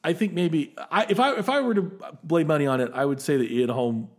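A man's voice: fairly high pitch, fairly quick. A man co-hosting a film podcast, talking in a casual, enthusiastic way with frequent laughs and restarts. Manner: animated, enthusiastic, laughs often, many restarts. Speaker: podcast co-host.

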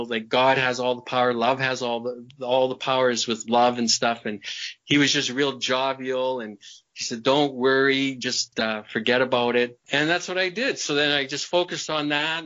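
In slightly muffled lo-fi audio, a man being interviewed spins out a lengthy personal tale, casually wandering, repeating himself, and chuckling between lines. His mid-range voice has a bright, forceful tone.

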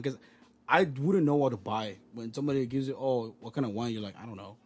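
A man's voice: mid-range voice, lively intonation, fairly quick. A man chatting casually with friends, telling rambling, joking stories. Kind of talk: casual chat.

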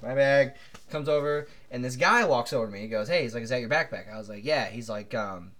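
A man co-hosting a podcast, telling a long anecdote in an animated, rambling way full of fillers. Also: medium pitch, a little fast. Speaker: podcast co-host. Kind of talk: casual storytelling chat.

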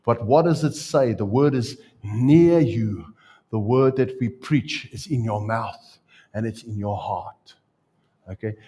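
A man's voice: medium pitch, slow pace, dark tone, husky. A man preaching a sermon and asking his congregation questions. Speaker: pastor.

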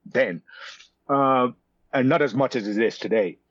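Husky fifties guy, animated storyteller, full of restarts, dull dry recording. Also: mid-range voice, a little slow, dry recording. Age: 50s. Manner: animated, repetitive restarts, lots of "you know". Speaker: podcast guest, actor. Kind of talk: casual storytelling interview.

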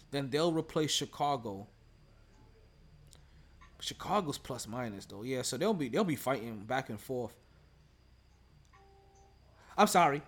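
A man hosting a sports podcast, talking loosely and chattily with plenty of profanity. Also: a little high. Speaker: podcast host. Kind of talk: casual sports talk.

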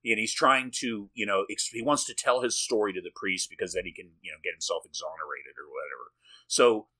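A man's voice: lowish voice, a little fast, pushed and bright. A man co-hosting a podcast, recapping a film in a rambling, jokey way, swearing and laughing often. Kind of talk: casual movie-recap chat.

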